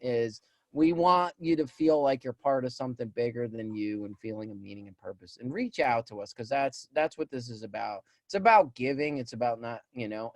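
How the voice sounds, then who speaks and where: A man co-hosting a casual talk show, telling stories that poke fun at himself. His pitch swings widely as he talks, and he breaks into loud laughter at his own jokes. The sound is dry and close to the mic. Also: no room sound. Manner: animated, self-deprecating storyteller, gets loud when laughing. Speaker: podcast co-host. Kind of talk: casual chat.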